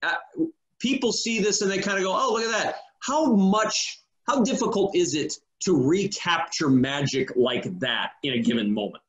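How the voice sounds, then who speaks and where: A male sports broadcaster hosting an interview, asking measured, polished questions. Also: high voice, fairly bright tone, highs cut off. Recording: echoey studio room.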